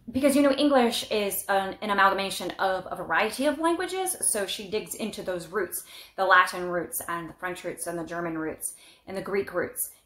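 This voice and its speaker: A young adult woman chatting casually and excitedly about books, with frequent restarts and fillers. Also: mid-range voice. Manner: enthusiastic, rambling, many restarts and fillers. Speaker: book vlogger. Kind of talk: casual book review. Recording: echoey room.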